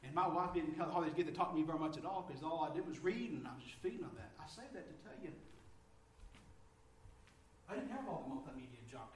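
A man preaching a sermon, telling stories with lively energy that climbs high and loud when excited. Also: quick pace, distant mic, slight background noise. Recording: echoey room, from off mic.

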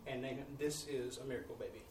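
A man's voice: medium pitch, steady tone, fast talker, darkish tone, slight background noise. A man, a missionary preacher telling testimonies in a folksy sermon style, acting out the dialogue. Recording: echoey room, distant mic, faint ambience.

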